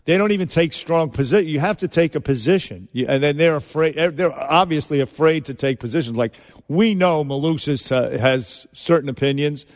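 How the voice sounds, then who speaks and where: A man's voice: a little high, normal speed, in a large hall. A man co-hosting a talk radio show, blunt and joking in casual banter.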